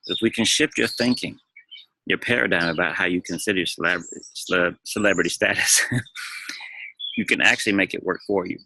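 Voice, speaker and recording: A man's voice: deep voice, brisk, gravelly, long pauses, pushed and bright, slight background noise, rough recording. A man talking as a dating coach, giving emphatic advice and repeating phrases to drive points home. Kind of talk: advice monologue to camera.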